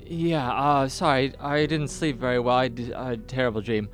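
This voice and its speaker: Brief: man voicing sleepless, uneasy young man, stumbling, low-key. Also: fairly even intonation, moderate pace, faint music behind, natural voice. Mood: shaken. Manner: hesitant, mumbling. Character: shaken tired young man, Tobin.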